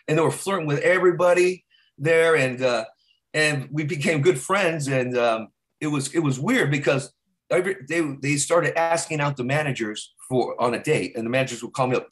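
A man's voice: on the high side, brisk, fairly bright tone. A man, a stand-up comedian, telling a rambling story as a podcast guest. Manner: rambling, restless, slips into impressions. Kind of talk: storytelling in a casual interview.

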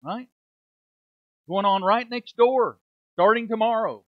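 Middle-aged male preacher, high pitch, emphatic sermon delivery, dull close recording. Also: slow pace, dry recording. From United States. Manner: emphatic preaching with rhetorical questions and dramatic drops in volume. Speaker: preaching minister. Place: church sanctuary.

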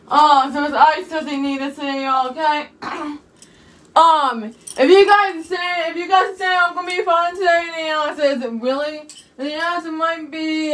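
High-voiced, anxious rambling woman vlogger. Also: sharp tone, recorded from a distance. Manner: anxious, rambling, repeats herself, keeps saying "you guys" and "y'all". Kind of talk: casual vlog talk to camera.

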